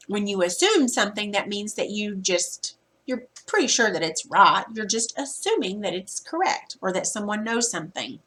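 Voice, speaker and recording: A woman teacher recording a reading lesson, explaining vocabulary words patiently and clearing her throat now and then. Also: medium pitch, expressive, a bit bright. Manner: patient, explanatory, spells out word meanings slowly.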